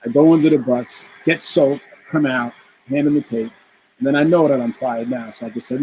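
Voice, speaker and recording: Animated storytelling man from the Bronx. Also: medium pitch, moderate pace, a little hiss or hum, rough recording. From the Bronx, New York. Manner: animated anecdote teller who acts out quoted voices. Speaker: guest musician. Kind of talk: casual interview storytelling.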